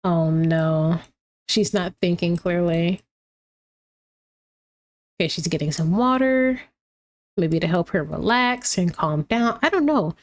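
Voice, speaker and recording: A woman casually commenting on her gameplay, chatty and lively, talking to the game characters as she goes. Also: fairly low pitch, takes it slowly, long pauses. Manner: chatty, reacts aloud, talks to the game characters.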